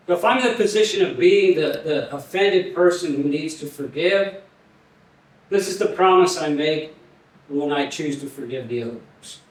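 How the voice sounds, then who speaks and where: An older man preaching a sermon in an earnest, halting way, often restarting his words. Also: on the high side, expressive. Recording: very echoey, voice from far off the mic.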